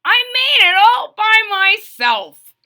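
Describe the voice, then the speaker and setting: A woman voicing an excitable, clumsy young boy frog in a picture book, shouting and squealing. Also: very high-pitched, takes it slowly, voice pushed up, exaggerated voice. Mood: eager.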